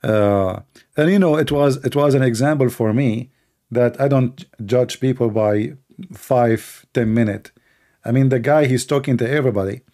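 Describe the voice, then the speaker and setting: A man with a non-native English accent hosting a call-in livestream, telling stories in a rambling, animated way. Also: medium pitch, moderate pace. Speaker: host of a call-in show. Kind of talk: casual livestream talk.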